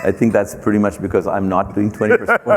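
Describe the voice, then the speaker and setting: Low-pitched guy telling an old work story, stumbles and restarts a lot, echoey space. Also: huge pitch swings. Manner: anecdotal, halting with many restarts and fillers. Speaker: company founder and CEO. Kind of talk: storytelling interview.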